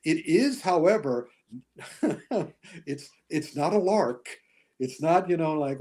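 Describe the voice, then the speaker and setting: A man chatting as a guest on a movie discussion show, animated and chuckling as he tells his opinions. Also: fairly high pitch, slow pace, pauses often. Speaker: guest film critic and author.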